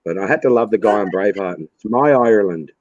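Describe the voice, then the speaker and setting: A man's voice: lowish voice, animated, quick pace, a little mellow, no room sound, muffled recording. A man in casual chat who swears freely and laughs a lot.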